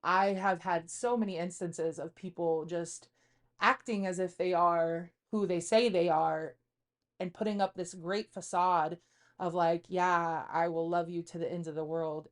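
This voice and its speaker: A woman in her thirties co-hosting a podcast, speaking candidly and confessionally in casual chat, rambling with frequent fillers. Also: lowish voice. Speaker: podcast co-host.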